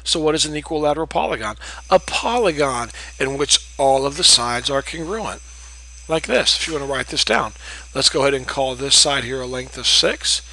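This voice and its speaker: A man's voice: medium pitch, animated, normal speed, bright, forceful tone, low-quality recording. A man teaching a math lesson in a patient, explanatory way, repeating key terms and checking in with "okay?". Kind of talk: recorded classroom lecture.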